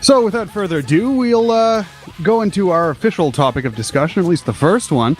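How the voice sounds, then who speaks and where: A man's voice: high-pitched, expressive, brisk, darkish tone, faint music behind. A man co-hosting a gaming podcast, playful with mock-dramatic announcing. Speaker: podcast co-host. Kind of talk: casual gaming podcast banter.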